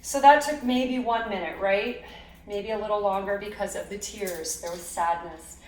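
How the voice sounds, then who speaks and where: A woman's voice: medium pitch, moderate pace, darkish tone. A woman hosting a casual cooking demonstration in her home kitchen, chatty and upbeat, teary-eyed from cutting onions and laughing at herself. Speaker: cooking video host. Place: home kitchen, roomy and echoey. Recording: echoey kitchen, mic far off, cooking noise. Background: clatter of knives, pots and dishes.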